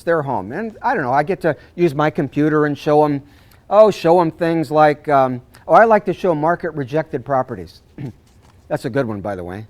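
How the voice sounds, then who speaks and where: A man teaching a room of real estate agents, his voice rising and falling in a lively, sing-song way. He sits a little above the usual male pitch and often clears his throat between points. He slips into quick acted-out exchanges with clients. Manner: animated, acts out client dialogues, frequent throat clearing. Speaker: real estate sales trainer. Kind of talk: live seminar talk to agents.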